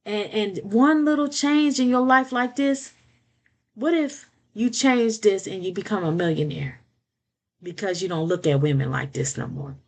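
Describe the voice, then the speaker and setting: A woman's voice: mid-range voice, a little slow. An older woman giving blunt, preachy relationship advice in a casual monologue, often repeating words and checking in with "okay?".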